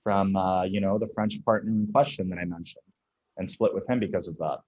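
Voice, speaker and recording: A man's voice: low-pitched, fairly even intonation, brisk, a little mellow, muffled recording. A young man from Venezuela, a tech founder, speaking as an interview guest in a casual, candid way. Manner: casual, candid, laughs through anecdotes. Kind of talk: conversational interview.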